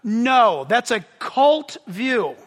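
A man preaching a sermon as pastor, impassioned and yelling at times with excitement. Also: extremely high pitch, very slow, big-room sound.

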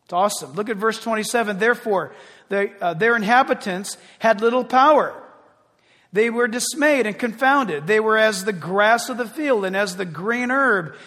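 A man preaching, reading scripture slowly and breaking in with excited, chatty asides. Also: high voice. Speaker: pastor. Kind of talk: sermon reading scripture with commentary. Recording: long hall reverb.

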